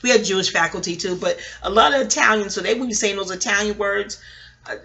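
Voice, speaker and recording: A bright, forceful voice belongs to a middle-aged woman from New whose colors every line. She rambles through stories at home, swearing freely and breaking into laughter as she goes. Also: medium pitch, fast. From New York. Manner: profane, laughing, digressive storytelling. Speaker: vlogger. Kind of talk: casual rambling monologue.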